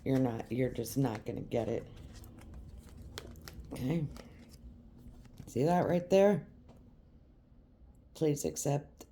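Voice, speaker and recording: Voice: mid-range voice, lively intonation, slow, long pauses, warm tone, slight background noise. A tarot reader giving a reading straight to the viewer, emphatic and repetitive. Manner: emphatic and repetitive, speaking directly to the listener.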